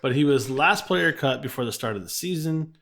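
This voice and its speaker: A man's voice: medium pitch, expressive, fairly quick, gravelly, crowd noise. A man co-hosting a casual wrestling podcast, reading out promos and biography notes and laughing often. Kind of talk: casual podcast chat with read-out bio notes.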